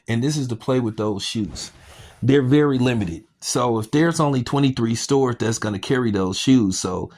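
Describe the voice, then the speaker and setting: A man hosting a casual sneaker-news vlog, rambling with many fillers and sarcastic asides. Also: on the low side. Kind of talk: casual chat.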